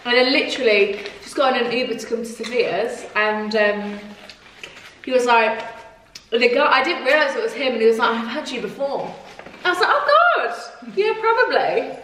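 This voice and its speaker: A woman's voice: fairly high pitch, fairly even intonation, normal speed, fairly bright tone, a little hiss or hum. A woman in her twenties chatting casually and retelling a story with lots of "like". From England. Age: 20s. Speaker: vlog co-host. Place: home room. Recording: echoey room, mic at a distance.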